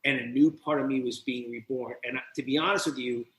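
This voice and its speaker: A man, a podcast guest and recovery mentor, telling his personal story in an animated, profane way and acting out the voices of people in it. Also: mid-range voice, fairly quick. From New Jersey. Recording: roomy echo.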